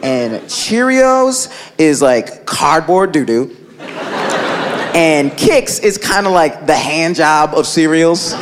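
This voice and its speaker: High-voiced animated stand-up comedian. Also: male voice, slow. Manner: animated, acts out characters with big pitch swings. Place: comedy club stage. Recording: live club recording with crowd and noise. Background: audience laughter.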